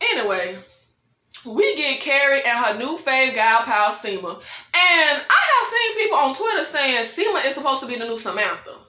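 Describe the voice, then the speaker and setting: A woman's voice: sits high, very animated, moderate pace, pushed and bright, roomy sound. A woman vlogger recapping a TV episode in a casual, exasperated rant, calling her viewers "y'all", swearing and laughing between lines. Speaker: TV review vlogger.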